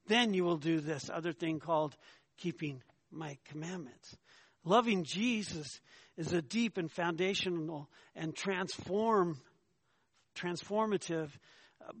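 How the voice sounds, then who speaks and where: A man delivering a sermon in a fairly high voice, emphatic and insistent. He keeps checking in with the congregation and climbs in pitch as he presses a point. The sound is dry and close, with no room echo. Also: breathy edge. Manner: emphatic preaching, asks "right?" often, rises in pitch when arguing. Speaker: pastor.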